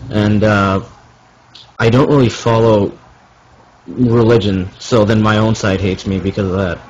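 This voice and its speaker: Male guest from the Middle East, low voice, dull lo-fi line. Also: steady tone, a little slow, a little mellow, slight background noise. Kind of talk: casual chat.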